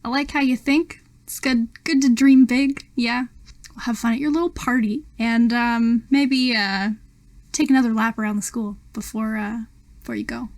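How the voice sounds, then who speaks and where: A laid-back teenage dealer with bro-ish swagger, talking down a little to the person he's selling to, as a woman voices him. The sound is dry and close, the voice a bit high. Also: fairly even intonation, moderate pace, no room sound, close to an everyday voice. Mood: casual. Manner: casual, condescending bro talk. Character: young male weed dealer, bro-ish.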